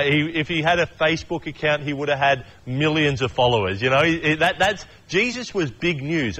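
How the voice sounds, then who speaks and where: A man's voice: medium pitch, a bit bright. A man giving a casual sermon, chatty and joking, acting out quotes and often restarting his sentences. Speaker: preacher.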